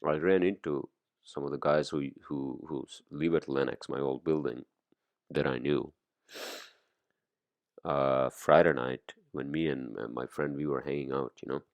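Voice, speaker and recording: Man, very low gravelly voice, dry close sound, rambling profane podcast monologue. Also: fairly even intonation, unhurried, no room sound. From immigrant to the US. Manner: rambling, profane, many fillers. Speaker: podcast host. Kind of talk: casual monologue.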